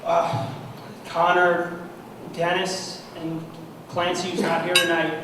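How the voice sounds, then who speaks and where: A young man with a high voice gives an award acceptance speech, heartfelt and halting. He sounds emotional, and he is heard from a distance in a large, echoing banquet hall with a steady hum of noise around him. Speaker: award recipient. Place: large banquet room at an annual meeting. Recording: echoey hall from far off, noisy.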